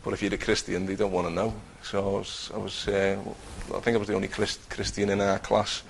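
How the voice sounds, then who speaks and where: Gravelly-voiced man giving testimony. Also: lowish voice, flat delivery, slight background noise, poor audio. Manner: earnest, halting storytelling with many restarts. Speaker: Christian teacher giving testimony. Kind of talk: personal testimony.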